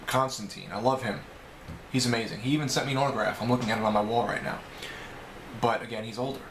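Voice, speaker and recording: This rough recording captures a video blogger with a New York accent answering a list of questions at home in a chatty, rambling way, correcting himself often. His medium-pitched voice is fairly bright and reverberant, with a little hiss or hum underneath.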